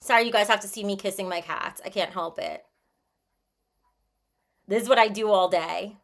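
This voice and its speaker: A woman's voice: mid-range voice, normal speed, fairly bright tone. A woman livestreaming, chatting casually and bluntly, reading out and answering her chat. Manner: breezy, frank and irreverent.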